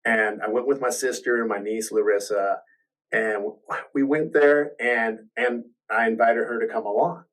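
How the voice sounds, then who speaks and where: A man's voice: mid-range voice, steady tone, normal speed, far from the mic, rough recording. A man hosting a podcast, telling a personal story in a casual, rambling way, full of restarts and acted-out quotes. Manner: rambling, restarts often, acts out quoted voices.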